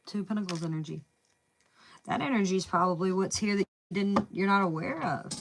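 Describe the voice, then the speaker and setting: A woman's voice: mid-range voice, a little fast, background noise. A woman with a Southern US accent giving a casual tarot reading, chatty and thinking aloud, saying "y'all" and "man". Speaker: tarot reader.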